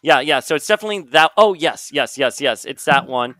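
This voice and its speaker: A man's voice: a little high, animated, a little fast, pushed and bright, no echo, clean studio sound. A man hosting a podcast, chatting casually about comics, laughing often and reading comic lines aloud. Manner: apologetic, laughing, reads comic dialogue aloud. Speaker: podcast host.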